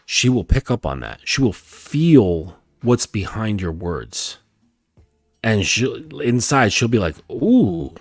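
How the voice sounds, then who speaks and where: A male dating coach giving a calm, emphatic coaching talk, repeating his points and often checking in with "okay?". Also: lowish voice, slow, no room sound. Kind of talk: lecture-style coaching talk.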